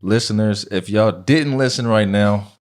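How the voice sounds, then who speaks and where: Male co-host, lower-pitched, relaxed and animated, casual slang, quick to laugh. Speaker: podcast co-host. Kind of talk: casual podcast chat.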